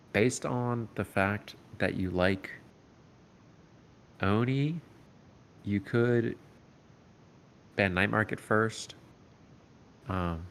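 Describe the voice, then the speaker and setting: A man coaching a competitive team over voice chat, giving calm, step-by-step strategy advice with frequent "um"s. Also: low voice, gravelly, slight background noise. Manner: calm, explanatory, filler-heavy advice. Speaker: esports coach.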